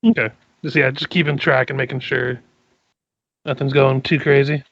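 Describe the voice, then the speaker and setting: Gravelly guy rambling through his turn, dry lo-fi audio. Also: medium pitch, fairly even intonation, normal speed, a bit bright, no echo. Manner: rambling, full of "like" fillers. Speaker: player. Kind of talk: casual tabletop play.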